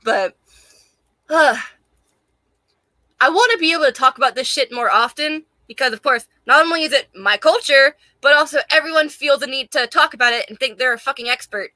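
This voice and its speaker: Casting note: young Southern woman with a light Charleston accent, high, dry close voice, rambling, swearing and laughing, a little out of breath. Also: fairly quick, pushed and bright, no echo. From Charleston, South Carolina. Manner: profane, laughing often, rambling and emphatic. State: hot and a bit out of breath. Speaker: vlogger. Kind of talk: casual rant to camera.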